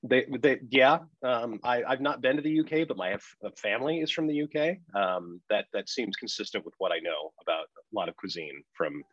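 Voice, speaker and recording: A man's voice: medium pitch, normal speed, hardly any pauses, no room sound, muffled recording. A man producing and co-hosting a podcast, chatting casually with jokes and frequent restarts. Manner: animated, joking, frequent restarts. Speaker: podcast producer turned interviewer.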